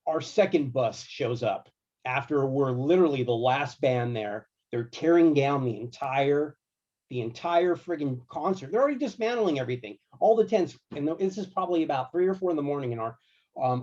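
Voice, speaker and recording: A man working as a guitar tech, telling tour stories in a casual, slangy, animated way. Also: medium pitch, normal speed, muffled recording. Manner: animated, laid-back, slangy. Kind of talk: casual storytelling.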